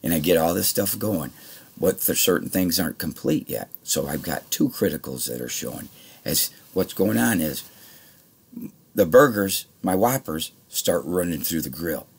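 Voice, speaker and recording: A man's voice: deep voice, lively intonation, moderate pace, husky. A man telling a rambling, heated story in casual speech, swearing freely. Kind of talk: casual spoken anecdote.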